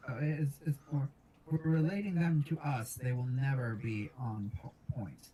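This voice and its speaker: Man, tabletop player, mid pitch, wry and casual. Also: fairly even intonation, unhurried, warm tone, slight background noise. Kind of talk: casual tabletop game chat.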